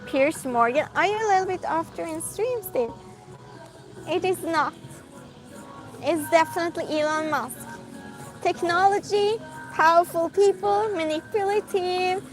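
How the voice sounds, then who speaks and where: A woman's voice: very high voice, poor audio. A woman, chatting casually and giggling as she reads out live comments while walking outdoors at night. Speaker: livestreamer. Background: music from a passing car.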